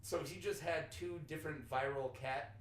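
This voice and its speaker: A man's voice: on the high side, fairly even intonation, moderate pace, slight background noise. A man hosting a podcast in an apartment, chatting loosely, swearing freely and acting out the people he quotes. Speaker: podcast host. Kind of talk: casual chat. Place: apartment room. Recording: roomy apartment echo.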